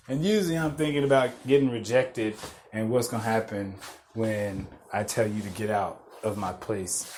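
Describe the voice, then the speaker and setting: Slow-talking profane male storyteller. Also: fairly low pitch, a little mellow, slight background noise. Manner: profane, rambling, laughs through his stories. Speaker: podcast host. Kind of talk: casual storytelling.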